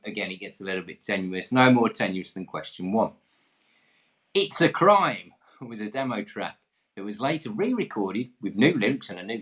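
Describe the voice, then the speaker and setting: Low male quiz host with a sing-song, expressive delivery who pokes fun at himself. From England. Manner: jokey and self-deprecating. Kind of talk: hosting an online pub quiz.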